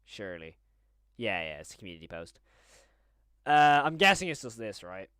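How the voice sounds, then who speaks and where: A young man talking his way through a live stream in a chatty, rambling manner, quickly getting excited. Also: lowish voice, clear, resonant tone, no room sound, studio quality.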